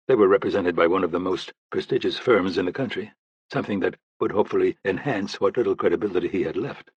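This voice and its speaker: A male audiobook narrator reading a thriller in a steady, even manner. His low voice has a husky grain. The recording is close and dry, slightly dull in tone. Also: fast talker, no echo.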